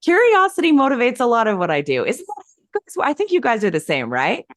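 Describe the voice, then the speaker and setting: A woman talking as an interview guest, an excitable storyteller who acts out her own reactions. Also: a little high, a little fast, dry recording, studio quality. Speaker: hypnosis coach, interview guest. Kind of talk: animated interview conversation.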